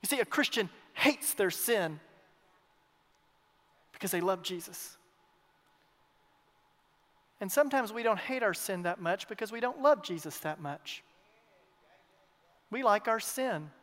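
A man preaching a sermon as pastor, emphatic, swinging between loud declarations and hushed asides, repeating his phrases. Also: high voice, lively intonation, unhurried, pauses often. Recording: long reverb of a large hall.

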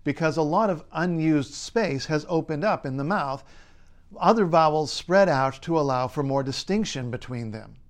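A male linguist narrates a scripted explainer in a slightly high voice. He sounds clear and wry, with light humor running through the read. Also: expressive, moderate pace. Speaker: linguist and writer.

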